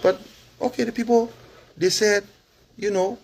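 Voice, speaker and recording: A man with a Liberian English accent speaks straight to his followers in a loose, animated monologue. His voice sits a bit high and has a husky edge. He leans on "you understand?" and breaks into short chuckles. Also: measured pace, pauses often. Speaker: political vlogger and former candidate.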